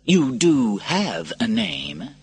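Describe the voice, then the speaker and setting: A man's voice: mid-range voice, huge pitch swings, extremely slow, gravelly, darkish tone, husky, faint music behind, voice pushed up, heavily acted. A man doing a sly, mocking cruel emperor. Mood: taunting. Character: smug, cruel male Roman emperor.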